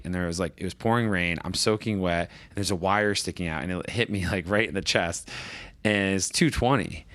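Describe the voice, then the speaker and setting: Rambling low-voiced man telling stories. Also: dry recording. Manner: rambling, animated, acts out quoted voices. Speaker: podcast guest. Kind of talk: casual storytelling conversation.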